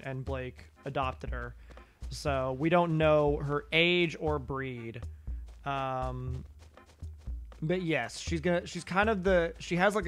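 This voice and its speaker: A man's voice: on the high side, a bit bright. A man streaming a video game, talking casually with many um's, restarts and casual swearing. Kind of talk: casual gameplay commentary.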